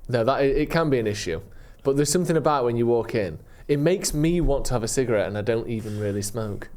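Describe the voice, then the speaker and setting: A man's voice: medium pitch, animated, fast talker, darkish tone. A man co-hosting a comedy podcast, musing aloud and making dry corrections. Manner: chatty, musing, corrects others with dry remarks. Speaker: podcast co-host. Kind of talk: casual banter.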